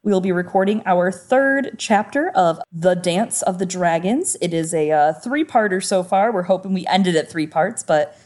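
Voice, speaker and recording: A woman's voice: lowish voice, lively intonation, normal speed, few pauses, a little mellow. A woman co-hosting a podcast, chatting casually with wry, sarcastic asides. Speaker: podcast co-host.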